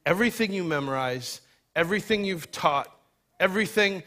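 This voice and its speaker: A man preaching with a high, bright voice. He is emphatic and shifts from loud urgency to quiet, low stress. He acts out quoted voices in a casual way. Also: moderate pace. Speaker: pastor. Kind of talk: sermon.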